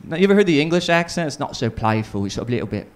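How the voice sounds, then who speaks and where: A man's voice: on the high side, big pitch swings, racing. A man from Canada performing a crude, rambling stand-up set in a small comedy club, slipping into silly voices for bits.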